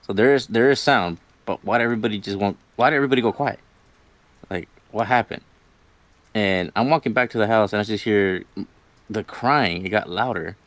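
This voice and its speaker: A man's voice: fairly low pitch, fairly quick, a bit bright, dry recording. A young man telling a personal ghost story in a casual, rambling way, full of "like" and "you know" and quoting himself.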